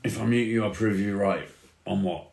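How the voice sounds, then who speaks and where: A man's voice: lowish voice, moderate pace, creaky, echoey room. A man hosting a casual livestream, chatting easily and replying to comments as he reads them. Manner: relaxed, chatty, says mate often. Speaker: livestream host.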